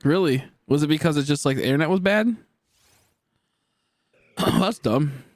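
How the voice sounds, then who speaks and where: A man's voice: on the high side, animated, moderate pace, dry recording, studio quality. A man in his twenties chatting casually on a game live stream, rambling and joking as he answers chat aloud. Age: 20s.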